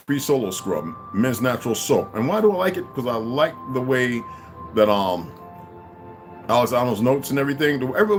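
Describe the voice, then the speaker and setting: A man in his fifties giving a blunt, profane, rambling livestream monologue, often repeating words and restarting sentences. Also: medium pitch. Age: 50s. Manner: profane, blunt, stream-of-consciousness.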